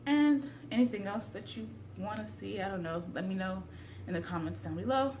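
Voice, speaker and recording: A woman's voice: mid-range voice, normal speed, a little mellow, slight background noise. A young pregnant woman chatting casually to camera in a vlog, a little out of breath and self-deprecating. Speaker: vlogger. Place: at home indoors.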